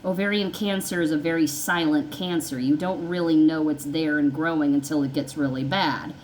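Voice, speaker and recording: A woman's voice: low-pitched, steady tone, moderate pace, darkish tone, slight background noise, poor audio. A woman telling her own story in a casual, rambling way, often acting out what people said. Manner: rambling, conversational, repeats herself, acts out dialogue. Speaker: vlogger sharing her story.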